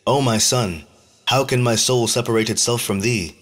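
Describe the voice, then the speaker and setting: A man's voice: medium pitch, moderate pace, lightly acted. A man reading the lines of Sarah, an old mother who pleads tenderly for her son in archaic speech. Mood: pleading.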